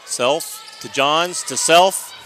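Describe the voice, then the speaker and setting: A man doing live play-by-play commentary of a high school volleyball match, chatty and rambling, often restarting his sentences. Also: extremely slow, pushed and bright. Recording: noisy gym ambience. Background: gym noise, balls bouncing.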